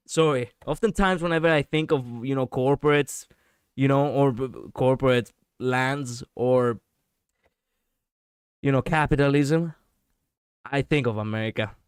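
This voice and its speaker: Male VTuber streamer, casual and chatty, smooth clear voice, dry close mic. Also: medium pitch, measured pace, long pauses, no echo. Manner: rambling, chatty, laughs often, self-correcting. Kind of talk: casual livestream chat reading viewers.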